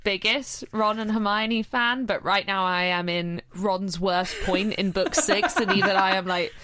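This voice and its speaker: A woman in a casual podcast chat, teasing and quick to banter. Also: medium pitch, fairly even intonation, sharp tone, slight background noise.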